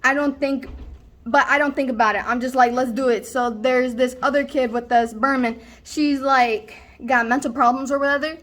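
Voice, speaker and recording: A woman's voice: sits high, steady tone, normal speed, a bit bright. A young woman performing a stage monologue as a rambling, boastful slacker student who tells a wild story with lots of fillers. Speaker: student actor. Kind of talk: stage monologue, self-recorded.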